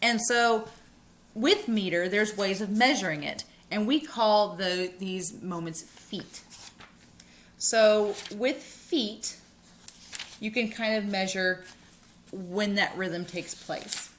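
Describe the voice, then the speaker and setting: A woman teaching a recorded college English lecture, upbeat and explanatory, slowing down to read verse aloud. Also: medium pitch, a little hiss or hum.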